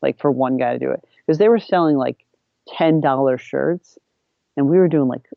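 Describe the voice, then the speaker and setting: Gravelly rambling man telling road stories. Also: medium pitch, normal speed, no echo. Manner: rambling, heavy use of "like", acts out quotes. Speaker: podcast guest. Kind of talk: casual storytelling. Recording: dull lo-fi podcast recording.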